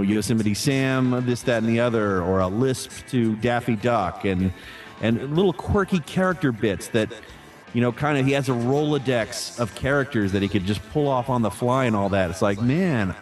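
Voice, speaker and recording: A man who works as a voice actor, answering interview questions in a relaxed, chatty way with frequent fillers and restarts. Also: mid-range voice, moderate pace, faint music behind.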